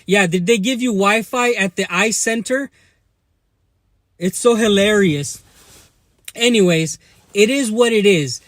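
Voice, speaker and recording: A man's voice: sits high, measured pace, pauses often, a bit bright, no echo, clean studio sound. A young man with a Mexican American accent, ranting back at commenters during a live stream, combative and mocking. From United States. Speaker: livestream vlogger. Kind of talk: live-stream rant to chat.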